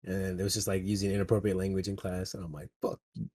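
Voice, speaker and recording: A young man with a low, husky voice tells stories among friends in loose, profane banter. He is animated and laughs easily. His voice sounds dry and close, with no room echo. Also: fast talker. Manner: animated storyteller, laughs a lot, swears freely. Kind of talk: casual chat with friends.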